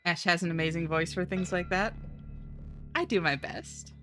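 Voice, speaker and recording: A woman's voice: lowish voice, normal speed, bright, forceful tone, faint music behind. A woman streaming a video game live, bantering with chat in a flirty, teasing way and trading puns.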